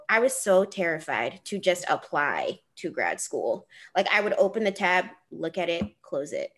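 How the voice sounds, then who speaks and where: A woman's voice: on the low side, sing-song, moderate pace, few pauses, a bit bright. A woman in her twenties telling a personal story on a podcast, laughing often and dropping to near-whispers for asides. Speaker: podcast co-host.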